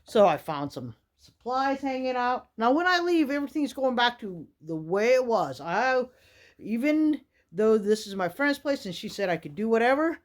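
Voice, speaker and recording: A woman's voice: a little high, big pitch swings, normal speed. Chatty Midwestern woman vlogging from a shack. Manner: chatty and rambling, with many fillers. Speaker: outdoor vlogger. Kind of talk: casual chat to camera. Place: small wooden shack in winter woods.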